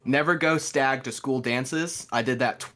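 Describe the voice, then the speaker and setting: A man's voice: mid-range voice, unhurried, bright, forceful tone. A young man in a mid-range voice jokes his way through a casual live show as a guest. He tells stories against himself with easy, self-deprecating humor. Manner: joking, self-deprecating storyteller.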